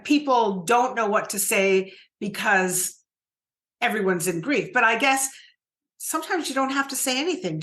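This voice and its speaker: A woman's voice: a little high, a bit bright. A middle-aged woman hosting an interview, asking searching questions that ramble with many restarts. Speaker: podcast host. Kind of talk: interview conversation.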